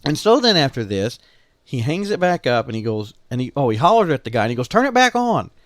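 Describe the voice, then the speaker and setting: Male podcast co-host, Southern Illinois accent, animated storyteller who does the voices, lively pitch, dry sound. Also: fast, dry recording. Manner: animated storyteller, acts out quoted family voices. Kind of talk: casual storytelling chat.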